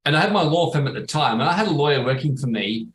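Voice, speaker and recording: A man's voice: fairly high pitch, expressive, quick pace, a bit bright. A man hosting a webinar, telling rambling, blunt anecdotes with some salty language. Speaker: webinar host. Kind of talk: casual storytelling. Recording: roomy echo with faint noise.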